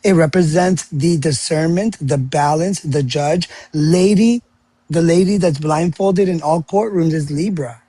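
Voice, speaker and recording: A man from Florida hosting a live audio panel, giving astrology readings in a warm, affirming way. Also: fairly high pitch, a little slow, slightly rough. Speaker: panel host.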